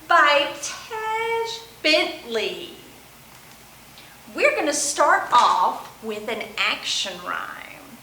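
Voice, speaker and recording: A woman librarian leading a children's storytime, chanting action rhymes in an animated, sing-song, encouraging way. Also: high voice, reverberant, slight background noise, low-quality recording.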